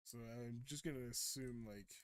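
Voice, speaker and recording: A young streamer rambles as he plays a game, hesitating and often correcting himself mid-sentence. His mid-range voice is smooth and moves at a normal speed.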